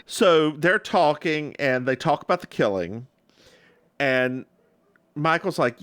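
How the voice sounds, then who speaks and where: A man's voice: fairly high pitch, animated, takes it slowly, long pauses, a bit bright, dry recording. A man co-hosting a podcast, recapping a TV episode in a campy, gossipy chat. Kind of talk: casual chat.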